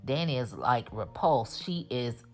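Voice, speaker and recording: Low-voiced woman recapping a TV episode. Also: measured pace. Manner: animated, slangy, chatty commentary. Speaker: TV recap host.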